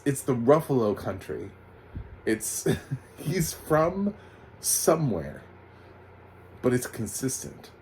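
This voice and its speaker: A man with a fairly low voice recaps a TV episode in a loose, rambling way and keeps tossing in sarcastic jabs. A faint hum sits underneath his voice. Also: darkish tone, poor audio. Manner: sarcastic, rambling, laughs often. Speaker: TV recap reviewer. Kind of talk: casual spoken review.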